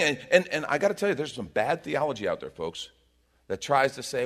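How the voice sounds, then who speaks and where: A man preaching a sermon as pastor, energetic, dramatizing inner voices. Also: brisk. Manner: animated, rising and dropping in pitch and volume.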